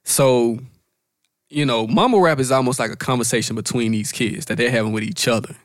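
A man's voice: medium pitch, a little fast, dry recording. Guy on a podcast, easygoing and slangy, mid voice, dry close sound. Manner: laid-back, slangy, laughs often, repeats his points. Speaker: guest, music journalist. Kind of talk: casual podcast chat.

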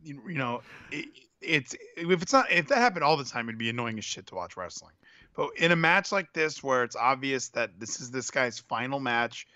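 Guy with a bright, forward voice, rambly and open, dry close sound. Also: mid-range voice, expressive, moderate pace, no echo. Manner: candid, sentimental and rambling. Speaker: podcast co-host. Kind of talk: casual wrestling chat.

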